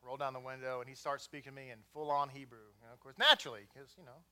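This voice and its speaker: Bright-voiced Texan man preaching. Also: medium pitch, fairly even intonation, quick pace. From Texas. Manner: conversational, joking asides. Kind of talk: sermon.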